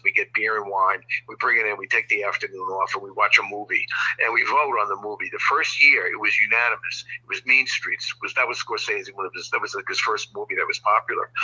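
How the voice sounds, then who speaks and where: An older man, a guest, telling a story in conversation, halting and restarting with many "you know"s. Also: on the low side, sharp tone, breathy edge, low-quality recording. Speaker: guest, former prosecutor.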